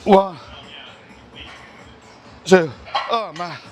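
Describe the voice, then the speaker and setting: Faint music plays behind a male gym vlogger whose high voice draws out his words as he trains in a busy gym. A nearby tripod-mounted camera catches him chatting casually, counting reps, and catching his breath between sets.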